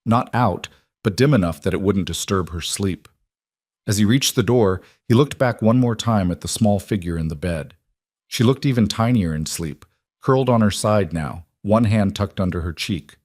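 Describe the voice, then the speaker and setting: A man with a fairly low voice reads a story in a calm, measured way. The sound is dry and close, with no room around it. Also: dry recording. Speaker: narrator. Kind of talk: scripted audiobook narration.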